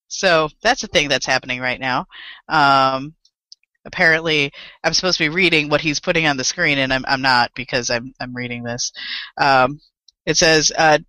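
Bright, rambling woman podcast host. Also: low voice, no room sound, low-quality recording. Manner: rambling, profane and quick to laugh. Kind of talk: casual chat.

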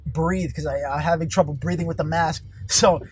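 A young man working in fast food, telling an exasperated, rambling and profane story about a customer while driving on a highway. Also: steady tone, slightly rough, poor audio. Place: car on a highway. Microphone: phone. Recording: faint road noise in a car. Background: vehicle noise.

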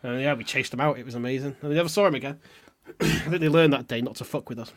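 A man's voice: mid-range voice, fast talker. A man, co-hosting a podcast and telling a story with lots of swearing and mock drama. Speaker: podcast co-host.

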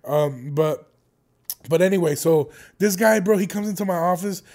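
High-voiced young man rambling and laughing. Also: normal speed, a little mellow. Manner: rambling, profane, laughs often between jokes. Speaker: vlogger. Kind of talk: casual rambling monologue.

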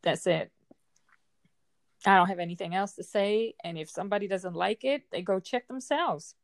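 A woman in her forties speaking in an emotional personal monologue, heated and frustrated, with forceful outbursts. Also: medium pitch, moderate pace, gravelly, no room sound. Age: 40s.

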